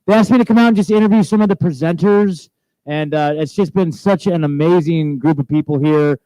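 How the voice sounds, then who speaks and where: Joking energetic man hosting. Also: fairly high pitch, a little fast, no echo, poor audio. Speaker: host interviewing festival presenters. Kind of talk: casual onstage chat. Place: festival stage. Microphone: handheld microphone.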